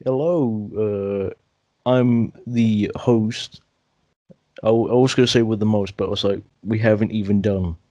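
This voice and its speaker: A man's voice: lowish voice, fairly even intonation, a little slow, dark tone, dry recording, highs cut off. A young man hosting a casual podcast, chatting loosely with a friend, laughing and swearing often. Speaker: podcast host. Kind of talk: casual chat.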